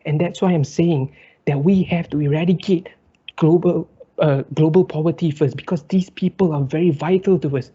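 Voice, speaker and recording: A man's voice: on the high side, steady tone, moderate pace, warm tone, husky, no echo. A young man from Malaysia, giving a rhetorical, impassioned competitive debate speech. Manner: impassioned, rhetorical, builds in lists and repetition. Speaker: student debater. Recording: dull lo-fi dry recording.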